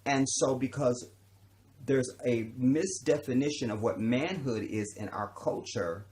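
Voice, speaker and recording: A man's voice: medium pitch, measured pace, a little mellow. Langzaam pratende man met nadrukkelijke toon. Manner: emphatic, repeats points. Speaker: livestream host. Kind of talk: livestream commentary.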